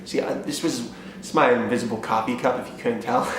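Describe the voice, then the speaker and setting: A young man vlogger telling a comic personal story in an animated, self-mocking way, acting out scenes, recorded in a very echoey room. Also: mid-range voice, brisk. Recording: very echoey room, faint noise.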